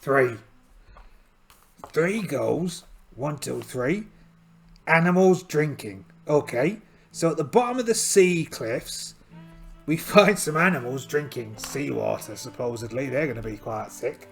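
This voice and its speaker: A man rolls dice and narrates a pirate adventure, putting on a hammy pirate voice and joking at his own expense. His voice has a gravelly edge, and quiet music plays under it. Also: medium pitch, expressive, measured pace. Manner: chatty, self-mocking, hammy pirate talk. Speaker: solo tabletop game player. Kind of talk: playing a solo game in a pirate voice.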